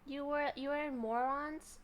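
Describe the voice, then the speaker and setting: A woman's voice: high-pitched, steady tone, a little slow. A young woman streamer chatting casually with her live chat, rambling with lots of "like" and restarts.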